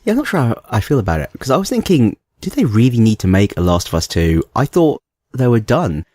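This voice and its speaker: A man with a London accent co-hosting a podcast in casual chat, animated and quick to laugh. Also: medium pitch, dry recording, studio quality. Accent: London English. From London, England. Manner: animated, laughs often, acts out voices. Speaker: podcast co-host.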